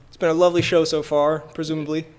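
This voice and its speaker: A man's voice: on the high side, flat delivery, quick pace, darkish tone, smooth. A man co-hosting a podcast in casual chat at a friend's home, joking and laughing often. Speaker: podcast co-host.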